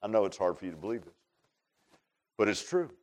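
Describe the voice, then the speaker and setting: A man's voice: on the low side, very animated, brisk. A man preaching a sermon in a folksy, conversational way. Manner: folksy, conversational preaching with rural Southern grammar.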